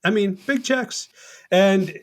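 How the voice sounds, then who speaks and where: A middle-aged man hosting a podcast, telling a lively anecdote. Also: high voice, slow. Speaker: podcast host. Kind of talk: casual conversation.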